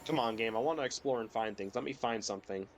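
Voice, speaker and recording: A man's voice: medium pitch, fast, a little hiss or hum. A young man streaming a video game while sick, rambling casually with lots of fillers and the odd swear, his voice cracking at times. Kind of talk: casual gameplay commentary.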